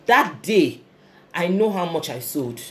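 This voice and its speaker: A woman's voice: lowish voice, big pitch swings, a little slow, fairly bright tone, slight background noise. A Nigerian woman in her thirties who runs a fashion business, giving earnest, motivational talk on a live stream and answering viewer comments. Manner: earnest and motivational, repeats key phrases.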